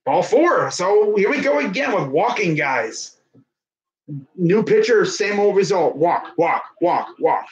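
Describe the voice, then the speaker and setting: A man's voice: high-pitched, big pitch swings, slow pace, muffled recording. Chatty young man calling a game. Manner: chatty, laughs often, talks to someone off-mic. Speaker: fan commentator. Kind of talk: casual play-by-play of a video game.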